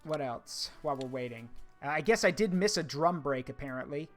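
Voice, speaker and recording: A man's voice: fairly high pitch, animated, fairly quick, faint music behind. A man streaming a game, chatting casually with his viewers as he works. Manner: chatty, talks to chat while working, hums tunes. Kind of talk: casual gameplay commentary.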